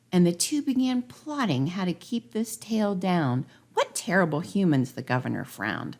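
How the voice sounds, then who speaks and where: A woman's voice: mid-range voice, very animated, moderate pace, hardly any pauses. A woman reading a rhyming storybook parody aloud in a sing-song way. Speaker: narrator.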